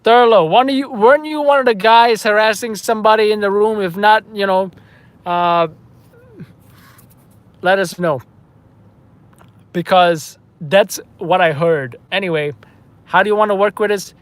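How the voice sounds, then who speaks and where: A man's voice: high voice, a little slow, pauses often, dry recording. A man hosting a live news stream, chatting casually and off-the-cuff with viewers.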